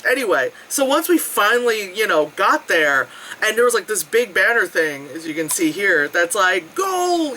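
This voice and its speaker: Rambling, animated vlogger with a bright voice. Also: a little hiss or hum, poor audio. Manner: rambling, heavy on fillers, swears freely; animated, jumping between high and low tones. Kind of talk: casual travel storytelling.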